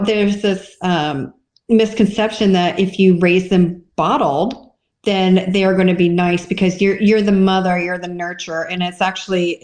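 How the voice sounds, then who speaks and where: Woman, dairy farmer, podcast guest, chatty storytelling, lively anecdotes. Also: lowish voice. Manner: chatty storyteller, acts out voices. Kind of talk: casual podcast interview.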